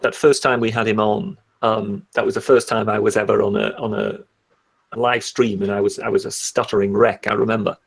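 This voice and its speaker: Gravelly, husky man speaking in measured tones. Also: fairly low pitch, little pitch movement. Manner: measured, articulate, a few restarts. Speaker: live stream guest. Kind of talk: casual live stream discussion.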